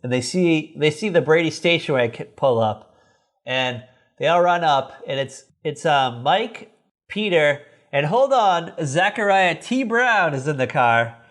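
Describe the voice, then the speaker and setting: A man's voice: animated, unhurried, fairly bright tone. Rambling, profane male podcast co-host. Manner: rambling, profane, acts out characters in high voices. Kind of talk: casual recap chat.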